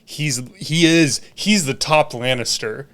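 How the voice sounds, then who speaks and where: A man guesting on a podcast in casual chat, telling animated stories and laughing and swearing often. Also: on the high side, takes it slowly. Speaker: musician guest.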